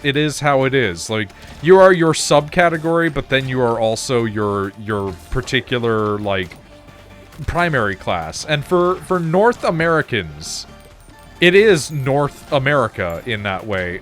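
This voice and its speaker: Male streamer, mid-pitched voice, loose and swearing, light music underneath. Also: a bit bright. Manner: chatty and laughing, swears freely while telling anecdotes. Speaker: gaming streamer. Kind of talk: casual gameplay commentary.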